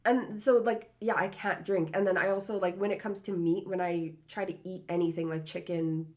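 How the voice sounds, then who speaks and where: A woman's voice: on the low side, fairly even intonation, normal speed. A young woman co-hosting a podcast, chatting casually and telling stories with lots of fillers. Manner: chatty storyteller, lots of "like" and laughs. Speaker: podcast co-host. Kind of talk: casual chat.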